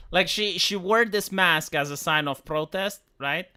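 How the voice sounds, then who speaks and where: A man's voice: high voice, takes it slowly, bright, forceful tone, clean tone. A man talking on a livestream in a rambling, profane, mocking rant.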